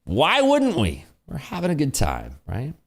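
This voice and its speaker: Animated man ranting on a livestream. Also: mid-range voice, unhurried. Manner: animated, ranting, with frequent fillers. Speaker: livestream day-trading host. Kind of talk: casual livestream chat answering viewer questions.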